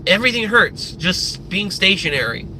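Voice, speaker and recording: A man from the Midwest US with a high, very bright and sharp voice, ranting on a casual livestream. He swears freely and drifts from one tangent to the next, and a faint car hum sits in the background. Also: lively intonation, normal speed, low-quality recording. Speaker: live streamer.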